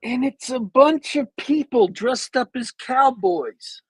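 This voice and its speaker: A man on a podcast with a bad cold, retelling a movie plot as a meandering, detailed storyteller with long pauses. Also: very high voice, expressive, breathy edge, dry recording, low-quality recording. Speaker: podcast co-host.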